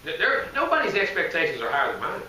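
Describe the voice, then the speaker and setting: Man, head coach at a presser, folksy, rambling, self-correcting; sharp bright tone, heard from afar in an echoey room. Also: on the high side, wildly swooping pitch, fast talker, distant mic, a little hiss or hum. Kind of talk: press conference answers. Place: media day press room.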